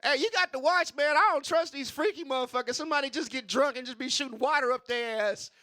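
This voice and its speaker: A man's voice: very high voice, fast, pushed and bright. A male stand-up comedian at an open mic, telling a loose, profane story with punchlines.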